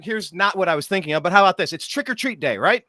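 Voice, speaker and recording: A male talk show host in casual political chat, speaking in an animated, exasperated way with mocking asides. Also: high-pitched, quick pace, no echo, clean studio sound.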